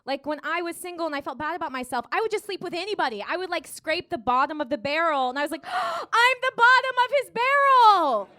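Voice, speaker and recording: An American woman performing a live stand-up set, animated and acting out dialogue in voices. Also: high-pitched, fast, hardly any pauses. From United States. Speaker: stand-up comedian. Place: theater stage before a laughing audience.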